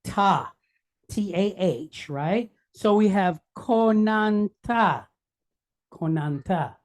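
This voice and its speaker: A man's voice: high voice, slow. A man teaching a classroom lesson, patiently sounding words out syllable by syllable and checking in often with his students. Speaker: Hebrew teacher.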